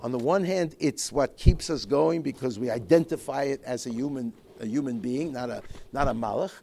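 A man teaching a Torah class in a halting way, restarting his sentences often and mixing Hebrew and Yiddish terms into his English. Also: mid-range voice, creaky, warm tone, slight background noise. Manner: halting, with many repeated restarts. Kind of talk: Torah lecture.

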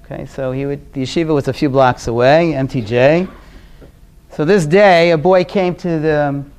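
A man from Brooklyn, New York, giving a conversational class on parenting. He is earnest and often drops to a quiet, low voice as he tells stories. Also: fairly even intonation, normal speed, clear, resonant tone. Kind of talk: conversational lecture with storytelling.

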